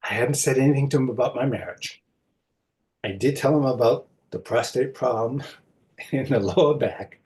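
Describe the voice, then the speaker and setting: An older man, a psychotherapist being interviewed, recounting a personal story in an unhurried way and acting out the words of others. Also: mid-range voice, a little mellow, rough recording. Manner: unhurried storytelling, acts out quoted speech.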